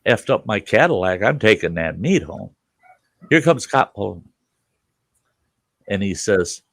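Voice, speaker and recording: A man in his sixties from Minnesota, hosting and telling animated, profane stories in a casual campfire style. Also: lowish voice, unhurried, pauses often, no echo. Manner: profane, animated yarn-spinning with acted quotes. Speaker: host.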